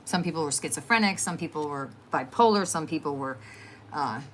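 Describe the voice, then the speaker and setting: A woman's voice: low voice, animated, a little fast, slight background noise. A middle-aged woman hosting a crafting livestream at home, rambling and chatty as she talks to viewers and trails off with fillers. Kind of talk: casual chat to live viewers.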